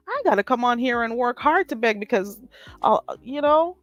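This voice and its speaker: A woman's voice: medium pitch, very animated, moderate pace, dry recording, soft background music. A woman hosting a casual live stream, blunt and sassy, laughing often. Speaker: livestream host.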